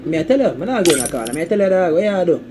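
A man with a Jamaican accent live-streaming to his viewers, repeating catchphrases and breaking into sudden high, loud outbursts. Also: big pitch swings, racing, loud music behind the voice. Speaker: game streamer.

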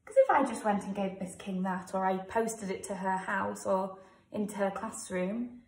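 A woman with an English accent teaching a home writing lesson to young children. She talks slowly and sounds words out letter by letter. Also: mid-range voice, fairly even intonation, a little mellow. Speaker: primary school teacher. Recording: echoey room, voice from a distance.

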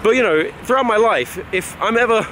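A man's voice: high voice, expressive, a little fast, fairly bright tone, a little hiss or hum. A man talks straight to camera in a loose vlog style, rambling through his week. He starts sentences over and over as he goes. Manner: chatty, rambling with frequent restarts. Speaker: vlogger. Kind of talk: casual vlog.

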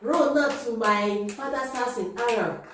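A woman's voice: on the high side, unhurried, natural voice. A woman voicing Rebecca, an anxious mother, calling urgently in a sing-song way in a children's story. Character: anxious mother Rebecca urging her son. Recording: very echoey room, distant mic, noise.

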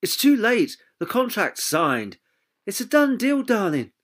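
A man voicing a pushy businesswoman with a breathy, husky, over-the-top theatrical voice, in an audiobook. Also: medium pitch, big pitch swings, unhurried, pitched above the performer's own voice. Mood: insistent.

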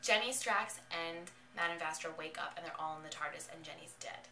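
A woman excitedly recapping a TV episode in a casual, rambling way, her voice bright and forceful. She sits back from the mic in a roomy, echoing space with a faint hum behind her. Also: low-pitched, fairly quick. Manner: excited, chatty retelling full of "like". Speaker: TV episode reviewer. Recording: echoey, distant from the mic.

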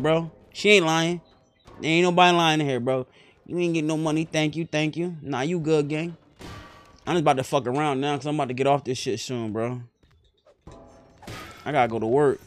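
A man's voice: fairly high pitch, steady tone, a little fast, long pauses. A young man with a New York accent, chatting brashly and profanely while streaming a roleplay game. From New York area and New Jersey. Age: young adult. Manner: brash, profane, streetwise banter. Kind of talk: live-streamed roleplay chat.

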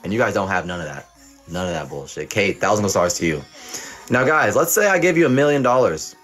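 A man's voice: on the low side, expressive, fairly quick, fairly bright tone, faint music behind. A young man hosting a livestream, playing a mock teacher who reads chat and hands out teasing, profane pass-or-fail verdicts. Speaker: livestream host. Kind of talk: playful mock teacher reading live chat.

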